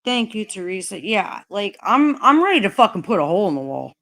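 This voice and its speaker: A woman's voice: medium pitch, very animated, brisk, a bit bright. A woman hosting a livestream chat, ranting heatedly and swearing a lot. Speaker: livestream host.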